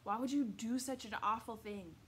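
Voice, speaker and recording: A blunt, exasperated schoolboy, voiced by a woman reading a book aloud. His lines come out a touch higher and more forceful than the plain narration, direct and short-tempered. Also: moderate pace, husky. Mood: angry. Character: indignant middle-school boy, blunt. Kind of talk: read-aloud storybook voice.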